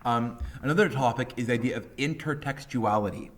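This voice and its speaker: A man in his thirties lecturing as a high school English teacher, talking casually and animatedly with many fillers and voiced quotes. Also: fairly quick. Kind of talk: classroom lecture.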